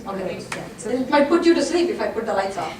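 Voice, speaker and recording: A woman with a high voice gives a presentation. She addresses the audience directly and throws in jokes. She is picked up from a distance in an echoing room, with faint noise behind her. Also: very animated, fairly quick, a crowd in the background. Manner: direct, joking asides to the audience. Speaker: college lecturer giving a workshop talk. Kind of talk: lively presentation talk.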